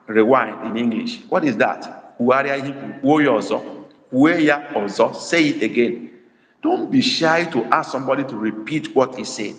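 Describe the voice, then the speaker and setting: A middle-aged man whose first language is Igbo teaches a live online lesson, stressing his points and numbering them as he goes. His voice sits at an ordinary pitch, and it rings in a roomy space with a long, trailing reverb. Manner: didactic, repetitive, counts points aloud. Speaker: language tutor.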